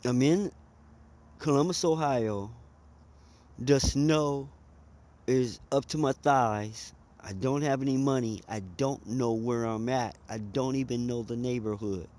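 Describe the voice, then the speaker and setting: A man's voice: mid-range voice, a little slow, darkish tone. A man, telling a personal story in a conversational, emphatic way. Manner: conversational, emphatic, drawls and speeds up.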